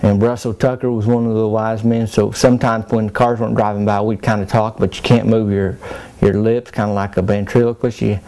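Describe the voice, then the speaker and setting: A man's voice: on the low side, level tone, brisk, dark tone. Folksy man telling a tale. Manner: folksy drawling Southern country talk. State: soaked and cold. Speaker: comedic character monologue. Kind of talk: rambling small-town storytelling.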